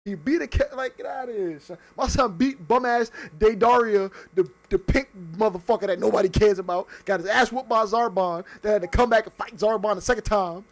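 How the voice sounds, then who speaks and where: A man's voice: high voice, a little fast, few pauses. A man hosting a casual podcast chat, emphatic and profane, repeating himself to drive his points home.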